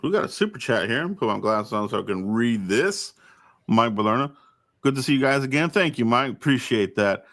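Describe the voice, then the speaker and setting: A man's voice: mid-range voice, expressive, normal speed, fairly bright tone, dry recording, studio quality. A man co-hosting a sports podcast, talking casually and restarting his sentences often. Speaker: podcast co-host.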